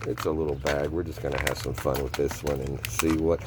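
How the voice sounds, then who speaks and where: A man's voice: rumbling low, level tone, brisk, background noise. A man chatting casually and rambling as he hosts a gold prospecting video at his table. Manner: rambling, self-correcting, chuckles often. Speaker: gold prospecting hobby host. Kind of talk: casual chat. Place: table at home.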